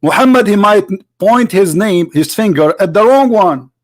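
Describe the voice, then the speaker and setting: A man's voice: high voice, expressive, normal speed. A man on a livestream, commenting on a debate clip with mocking, argumentative rebuttals.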